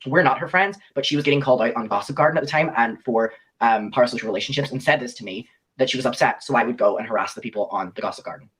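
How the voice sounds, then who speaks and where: A young man rattling through his story at a quick clip, his pitch sitting in an ordinary middle range. He reads out old messages and rambles with plenty of ums and likes. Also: a bit bright, slightly rough, poor audio. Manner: rambling, many fillers like "um" and "like". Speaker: YouTuber telling his side. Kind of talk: casual storytelling while reading out messages.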